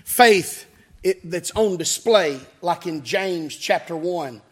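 A man preaching a fiery revival sermon, shouting in a chanting cadence with frequent hallelujahs and calls to the congregation. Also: high-pitched, takes it slowly, slightly rough. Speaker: pastor.

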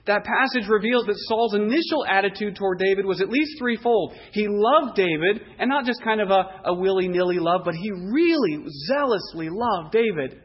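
A man preaching an expository sermon, animated, asking rhetorical questions and acting out the voices he quotes. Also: high voice, moderate pace, few pauses, breathy edge, muffled recording.

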